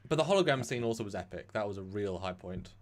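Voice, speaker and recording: A man co-hosting a casual live-stream chat, animated and rambling with sarcastic asides. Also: fairly low pitch, fast. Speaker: co-host.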